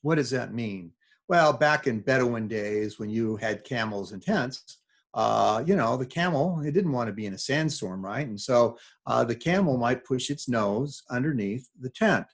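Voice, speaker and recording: A man's voice: medium pitch, lively intonation, unhurried. An older man giving a talk to students, telling stories with quoted dialogue in a conversational, emphatic way. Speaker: speaker at a talk. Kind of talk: lecture to students.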